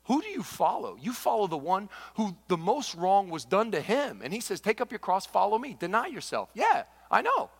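Lively man preaching in an echoey hall. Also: high voice, normal speed, gravelly, few pauses. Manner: animated storytelling, swings between loud exclamations and hushed intensity. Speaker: pastor. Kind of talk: sermon.

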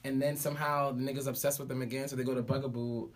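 Male host, casual chat, cursing, emphatic, mid-pitched voice. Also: flat delivery. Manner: profane, emphatic, rapid storytelling.

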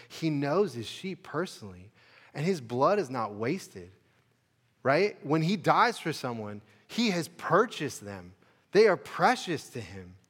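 A pastor delivering a sermon in a casual, conversational way, with restarts and rising emphatic stretches. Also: male voice, mid-range voice, fairly bright tone, big-room sound. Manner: conversational preaching with restarts, building to emphatic peaks.

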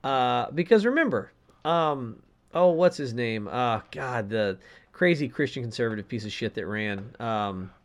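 A man's voice: medium pitch, unhurried. A man hosting a podcast, chatting casually and ranting with profanity. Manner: rambling, profane, expressive. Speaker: podcast host. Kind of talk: casual chat.

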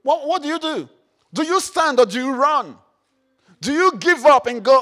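A man preaching a sermon, repeating phrases, firing questions at the congregation and rising to shouts. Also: very high voice, expressive, moderate pace. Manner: call-and-response, repeats phrases, rises to shouts; rhetorical questions to the audience.

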